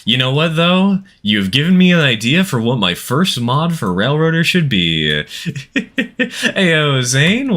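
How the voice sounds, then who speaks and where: A man's voice: fairly high pitch, big pitch swings, a little slow, a bit bright. A man streaming a game live, chatting casually with his viewers and laughing often. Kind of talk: casual live-stream chat while playing.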